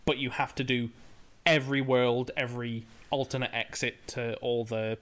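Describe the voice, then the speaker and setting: A man's voice: mid-range voice, moderate pace, few pauses, a bit bright. A man co-hosting a podcast, explaining things in casual chat with lots of "like" and restarts. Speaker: podcast co-host.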